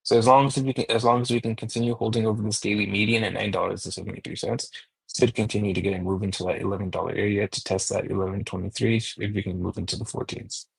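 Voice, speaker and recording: A man walking through stock charts aloud, steady and number-heavy, thinking out loud as he goes. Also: on the low side, fast, creaky, husky, no echo, poor audio. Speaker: market analyst host. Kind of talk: technical chart analysis.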